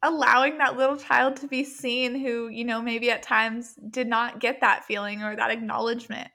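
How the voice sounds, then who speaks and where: A woman's voice: fairly high pitch, level tone, normal speed, creaky, pushed and bright. A woman mindset coach as a podcast guest, talking in an earnest, reflective casual chat with many ums and likes.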